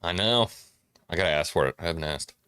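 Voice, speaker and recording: A man's voice: deep voice, quick pace, bright, forceful tone, clean tone, no echo, studio quality. A man co-hosting a casual livestream, adding jokey, enthusiastic remarks. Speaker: co-host.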